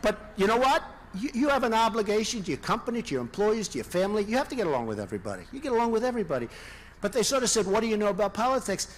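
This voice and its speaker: A presidential candidate giving a rambling, off-the-cuff rally speech, repeating himself and throwing asides to the crowd. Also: male voice, high voice, big pitch swings, rapid-fire. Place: large indoor rally venue.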